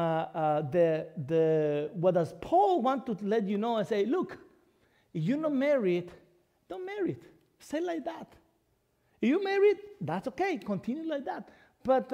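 A man preaching a sermon to his congregation, halting and repeating words, checking in often with "okay?". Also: sits high, dark tone. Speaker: pastor. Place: church sanctuary. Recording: long church hall reverb.

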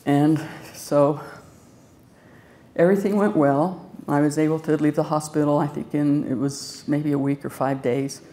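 Low-voiced woman telling her own story. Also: steady tone, measured pace, warm tone. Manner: earnest, conversational, grateful. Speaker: organ transplant recipient telling her story. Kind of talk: personal storytelling to a live audience. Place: festival stage before an audience.

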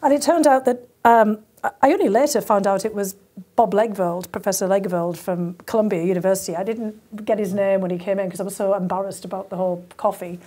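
A woman in her fifties from England, telling animated stories as an interview guest, laughing often and using many fillers. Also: medium pitch, fairly quick. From County Durham, northern England. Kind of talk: conversational interview storytelling.

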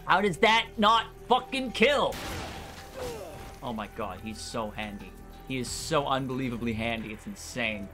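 A man's voice: medium pitch, expressive, unhurried, over music. A man casually commenting on his gameplay, often frustrated and swearing at the game and its characters. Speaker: gameplay streamer.

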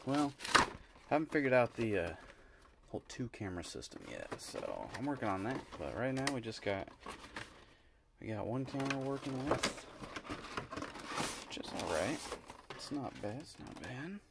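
A man vlogging, telling a story in an animated, chatty way and acting out the people in it. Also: medium pitch, normal speed, vocal fry, pauses often, very noisy. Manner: animated, chatty, acts out quotes. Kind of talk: casual storytelling.

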